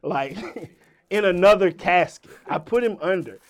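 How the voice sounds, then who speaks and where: As an interview guest, a middle-aged Richmond, Virginia rapper spins an animated story in an unhurried, high-sitting voice. He swears freely and performs both sides of every exchange.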